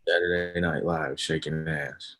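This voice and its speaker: A man hosting a livestream, talking casually and emphatically about his views and getting loud at times. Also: a bass voice, steady tone, unhurried. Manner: emphatic, rising to loud outbursts. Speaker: livestream host. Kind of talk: casual opinion chat on a livestream.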